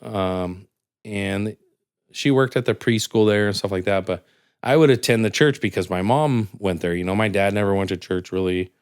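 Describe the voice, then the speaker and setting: A man's voice: normal speed, smooth. A young man from California, a podcast guest, telling a long joke and personal stories in casual chat, his voice leaping up when he quotes characters. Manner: animated, jumps high for quoted characters.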